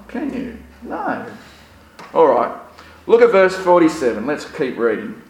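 A man's voice: mid-range voice, animated, moderate pace, reverberant, poor audio. A man preaching a sermon. He talks conversationally and uses rhetorical questions and light humor. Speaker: pastor. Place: church.

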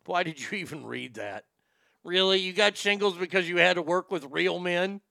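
Brief: sarcastic male host, bright crisp voice, dry close mic. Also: sits high, moderate pace, no echo. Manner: sarcastic, dismissive, stumbling restarts. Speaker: podcast host. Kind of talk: opinionated talk show monologue.

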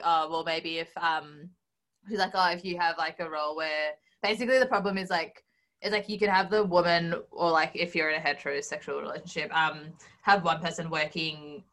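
A woman's voice: deep voice, a bit bright. A woman co-hosting a podcast, chatting casually and telling stories with lots of laughter and acted-out quotes. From Australia. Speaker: podcast co-host. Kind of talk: casual chat.

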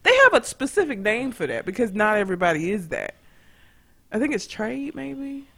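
A woman chatting on a podcast. She tells a story in an animated, profane way and laughs often. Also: on the high side, moderate pace, gravelly. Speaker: podcast co-host. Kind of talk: casual chat, storytelling.

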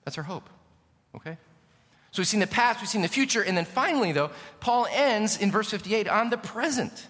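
Man preaching with a bright, ringing voice. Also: sits high, animated, normal speed. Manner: emphatic, swings from loud to hushed. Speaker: pastor. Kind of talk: sermon. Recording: long hall reverb.

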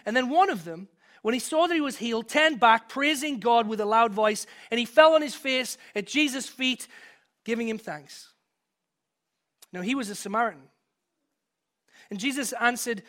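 A man delivering a sermon from the pulpit, his voice sitting high and ringing bright. He mixes scripture reading with relaxed personal stories, then pushes up to emphatic peaks on his main points. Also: a little fast. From from outside the US. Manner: storytelling, conversational, builds to emphatic peaks. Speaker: pastor.

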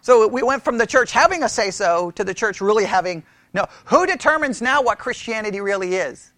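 Male pastor, sermon-lecture; high pitch, dry sound; animated, quizzes the congregation, stumbles and restarts. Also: fairly quick, no room sound. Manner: animated, asks the room questions, mimics critics; restarts and repeats words often. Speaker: pastor teaching church history. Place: church meeting room.

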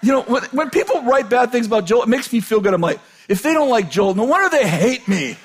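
A man preaching an informal sermon in a conversational way, joking and chuckling often, swinging between loud bursts and low asides. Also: expressive, a little fast, a little hiss or hum.

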